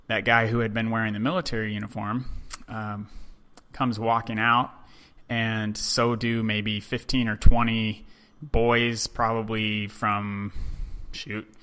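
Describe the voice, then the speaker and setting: A man hosting a podcast, telling a story in a relaxed, chatty monologue full of "um" and "you know". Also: on the low side, slow, clear, resonant tone. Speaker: podcast host.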